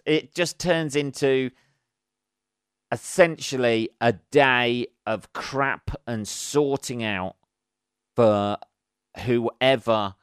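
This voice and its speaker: A man's voice: medium pitch, fairly bright tone, clear, resonant tone, no echo, studio quality. A man hosting a solo comedy podcast. He rambles through sweary, wry asides with plenty of ums. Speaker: podcast host. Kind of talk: solo comic podcast monologue.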